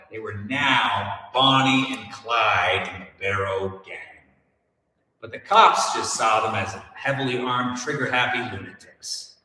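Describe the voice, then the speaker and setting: A man's voice: mid-range voice, pushed and bright. A male host telling a story in a joking, irreverent way, swearing now and then. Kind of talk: comedic storytelling. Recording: echoey room from far off.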